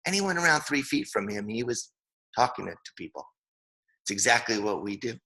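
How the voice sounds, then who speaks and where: A man's voice: fairly low pitch, very animated, brisk, sharp tone, low-quality recording. A man in his fifties giving a casual, enthusiastic training talk, rambling with restarts. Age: 50s. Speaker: co-host.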